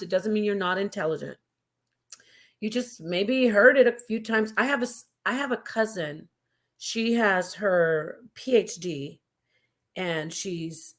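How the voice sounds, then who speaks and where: A woman hosting a casual live stream, chatty and digressive, talking to her viewers like family. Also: medium pitch. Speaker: livestream host.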